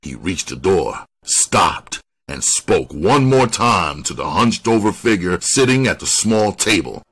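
A man reading a crime novel aloud as an audiobook narrator, with a husky voice and steady storytelling. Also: low-pitched, a little slow. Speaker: audiobook reader. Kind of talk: scripted narration.

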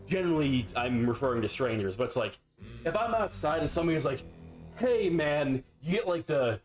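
A young man streaming a game, telling a story in a rambling, profane, filler-heavy casual way. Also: mid-range voice. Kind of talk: casual storytelling while gaming.

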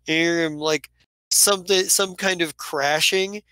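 Guy game mastering on stream, rambly, bright crisp voice, dry close mic. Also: a little high, fairly even intonation, unhurried, dry recording, poor audio. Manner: rambling, many restarts, laughs often. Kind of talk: narrating a tabletop game. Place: home studio stream.

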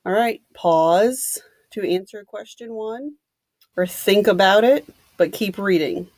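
A woman teacher reading a novel aloud to students, steady and plain, stopping to give brief instructions. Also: medium pitch, takes it slowly, no room sound, studio quality.

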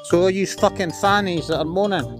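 A man's voice: high-pitched, fairly even intonation, a little fast, over music. A Scottish man vlogging outdoors while walking his dog, blunt and sweary, giving commands. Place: outdoors on a seafront by a road.

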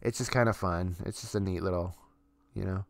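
Low-voiced casual male streamer. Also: fairly quick, vocal fry, no echo. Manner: rambling, with many fillers and restarts; offhand swearing. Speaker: streamer and artist. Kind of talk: casual live-stream chat.

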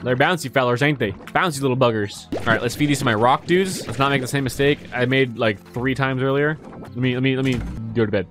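A young man giving excited, swearing commentary over his own gameplay, often breaking into delighted shrieks. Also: mid-range voice, brisk, music in the background. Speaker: gaming streamer.

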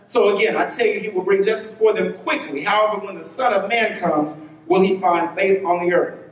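Male pastor, sermon, storytelling delivery, high voice, roomy hall, heard from a distance. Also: fairly even intonation. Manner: storytelling, with quick bursts and drawn-out stresses. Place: church sanctuary.

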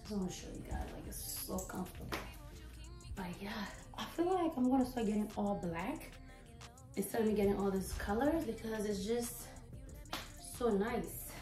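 A woman vlogger does a chatty try-on haul in an animated, mid-range voice at moderate pace, a bit breathless and playfully hyping herself up. She's far from the mic, with roomy echo and faint music behind.

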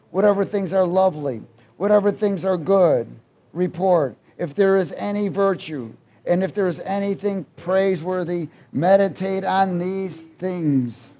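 High-voiced man preaching call-and-response. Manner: swings between loud exhortation and quiet asides. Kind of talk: sermon.

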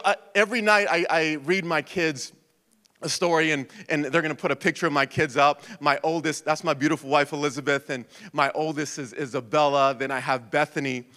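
A man in his thirties preaching a passionate sermon, shifting between urgent preaching and quiet storytelling. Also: a little high, fairly even intonation, normal speed. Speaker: pastor. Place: church hall. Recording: long church reverb.

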